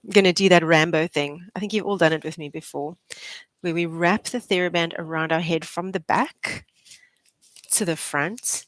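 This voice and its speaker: This is live exercise instruction from a young adult woman, a physiotherapist running a posture class. Her pitch is fairly low and her speed normal, there's no echo, and she encourages the group with friendly, chatty cues punctuated by plenty of laughter.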